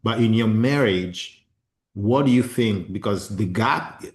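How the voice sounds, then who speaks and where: A man whose first language is not English, hosting a podcast interview in a passionate, expressive way with many restarts. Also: on the low side, slow pace. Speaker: podcast host. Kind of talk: casual interview conversation.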